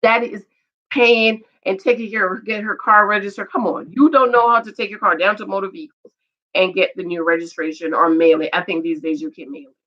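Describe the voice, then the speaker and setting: A woman's voice: mid-range voice, steady tone, brisk, sharp tone. A woman recapping a reality TV show in a casual, gossipy, opinionated way, with asides to her viewers. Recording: dull lo-fi sound.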